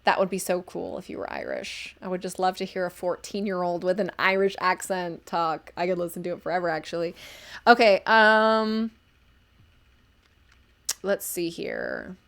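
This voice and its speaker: A woman's voice: fairly low pitch, fairly even intonation, moderate pace, creaky, a bit bright. An American woman in her thirties, chatting casually on a live stream as she reviews stories and answers chat, with lots of ums. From United States.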